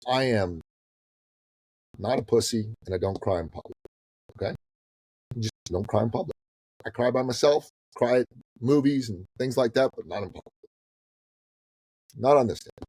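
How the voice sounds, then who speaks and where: A man in his fifties from the Middle East, a business coach telling a story as a podcast guest in a casual, animated way that swings between loud and hushed. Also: medium pitch, moderate pace, long pauses, slightly rough, no echo, rough recording. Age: 50s.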